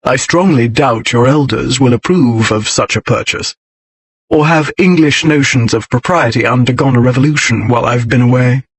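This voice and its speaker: A man's voice: medium pitch, normal speed, husky, no room sound, lightly acted. A man voicing a big, brooding aristocrat who drawls with sardonic wit.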